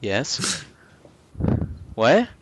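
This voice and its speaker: A young man in his late teens talking casually as co-host of a gaming channel, candid and quick to swear. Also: medium pitch, very animated, background noise. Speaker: co-host and video editor. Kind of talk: casual chat.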